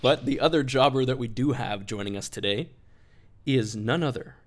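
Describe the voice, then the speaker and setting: A man's voice: medium pitch, normal speed. A man hosting a casual podcast chat, joking and laughing often. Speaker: podcast host.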